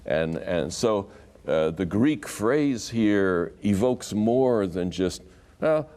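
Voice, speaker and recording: A man, a Bible scholar and guest, teaching scripture in conversation and acting out the quotes in a lively way. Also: on the low side, slow. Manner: animated storyteller who acts out quotes.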